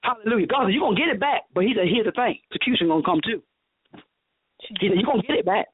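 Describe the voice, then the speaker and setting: A man's voice: high voice, lively intonation, fast, breathy edge, no echo. A man preaching a fervent, rhythmic sermon over a call-in radio line, acting out God's words as dialogue. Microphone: phone call. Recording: tinny phone line.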